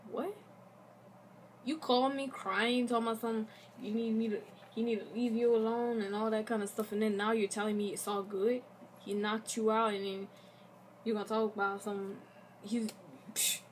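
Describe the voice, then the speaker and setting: A young woman vlogger telling a casual storytime, animated and acting out the quotes of the people in it. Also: a little high, normal speed, a little hiss or hum.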